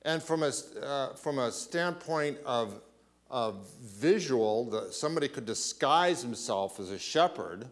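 A man preaching a sermon, asking rhetorical questions and often clearing his throat. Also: mid-range voice, expressive, unhurried. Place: church.

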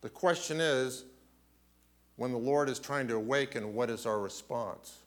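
A man preaching a sermon, asking rhetorical questions and often clearing his throat. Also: medium pitch, a little slow. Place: church.

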